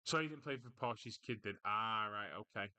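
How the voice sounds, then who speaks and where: A man's voice: lowish voice, fairly quick, bright, forceful tone, smooth. A man hosting a casual football livestream, chatting loosely and answering viewers' comments as he reads them out. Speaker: livestream host.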